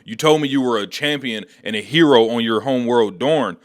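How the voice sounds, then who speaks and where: A man voicing a sharp-tongued talking computer that scolds its companion in slangy speech. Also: medium pitch, fairly quick, no room sound, studio quality, natural voice. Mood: reproachful.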